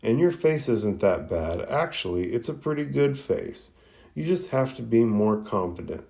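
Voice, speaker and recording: A man's voice: medium pitch, animated, normal speed, vocal fry, a little mellow. A man voicing a brash, confident young girl ninja who teases and bosses her friend. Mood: bossy teasing. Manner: bossy, teasing, chest-out boldness.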